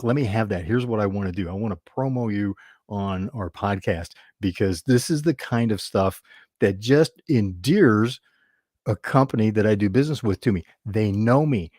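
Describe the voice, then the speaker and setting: A man's voice: on the low side, moderate pace, a little mellow, no room sound, studio quality. A man hosting a business show, telling a customer-service story in a chatty, rambling way with many restarts. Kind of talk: casual talk to camera.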